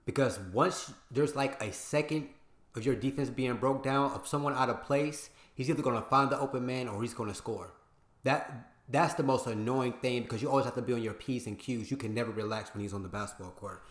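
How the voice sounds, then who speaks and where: A man's voice: mid-range voice, fairly quick. Slangy man reacting in an echoey room. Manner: casual and slangy, repeats lines for emphasis. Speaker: reaction video host. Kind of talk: casual commentary. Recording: roomy echo.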